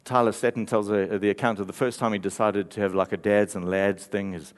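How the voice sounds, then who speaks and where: A man's voice: fairly low pitch, flat delivery, a little fast. A man preaching a sermon, telling a story with playful asides and light laughter. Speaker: pastor.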